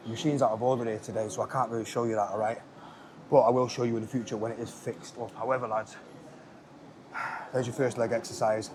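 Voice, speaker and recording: A man's voice: mid-range voice, background noise. A man coaching a gym workout in a casual, chatty way, often checking in with the viewer. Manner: chatty, coaching, keeps checking in with "okay, lads?". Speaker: fitness instructor. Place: indoor gym.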